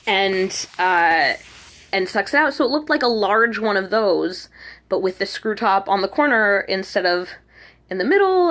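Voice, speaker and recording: A woman vlogging to a handheld camera, telling a casual story and animatedly acting out her own reactions. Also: mid-range voice. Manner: chatty, animated quoting of herself. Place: abroad in Korea, at home.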